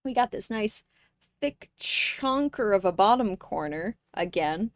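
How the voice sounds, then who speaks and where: Slow-talking playful woman streamer. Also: medium pitch, lively intonation, no room sound, studio quality. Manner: playful, joking, sudden loud bursts. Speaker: live streamer. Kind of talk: casual chat with stream viewers.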